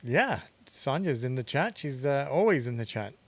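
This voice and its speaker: A man from England co-hosting a podcast, relaxed and laughing easily as he chats. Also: medium pitch, moderate pace, dry recording. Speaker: podcast co-host. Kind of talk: casual chat.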